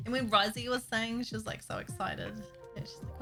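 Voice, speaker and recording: A woman's voice: a little high, fairly even intonation, fairly quick, over music. A woman, chatting casually with her stream audience while building, giggling and talking to herself. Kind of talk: casual chat while building a game map.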